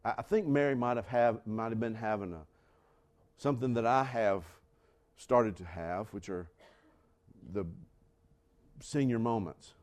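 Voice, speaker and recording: An older man preaching a sermon, repeating lines for emphasis and swinging from shouts down to hushed whispers. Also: on the low side. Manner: dramatic shifts from shouting to hushed whispers, with laughs; preaching slowly with emphatic repetition. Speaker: pastor.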